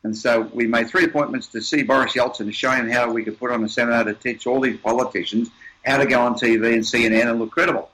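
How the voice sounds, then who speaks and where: Older male interview guest with a forceful, emphatic delivery who repeats words to drive home a point. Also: medium pitch, fairly even intonation, quick pace, poor audio. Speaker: interview guest, seminar presenter. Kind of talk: storytelling conversation.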